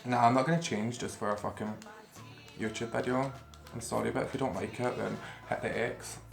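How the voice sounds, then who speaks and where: A man chats at his own pace in a roomy, echoing space, with faint music behind him. He rambles on and swears freely while eating on camera. His voice sits at an ordinary middle pitch. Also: steady tone, moderate pace, vocal fry. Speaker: vlogger. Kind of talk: casual eating-show chat to camera. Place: room at home. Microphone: camera facing him.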